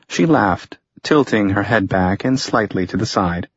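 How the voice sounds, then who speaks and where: Male thriller narrator, measured and dry; low husky voice, muffled close read. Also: no echo. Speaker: audiobook narrator. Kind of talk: scripted narration.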